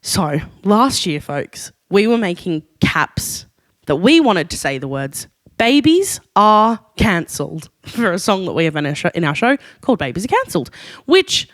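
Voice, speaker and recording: A woman's voice: on the low side, big pitch swings, moderate pace, no room sound, studio quality. A woman co-hosting a podcast, chatting casually and laughing through her stories. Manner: giggly, chatty storyteller. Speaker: podcast co-host. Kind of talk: casual chat.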